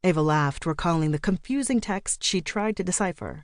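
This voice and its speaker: Woman audiobook narrator, low voice, dry studio sound, measured, even storytelling. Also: no echo. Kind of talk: scripted narration.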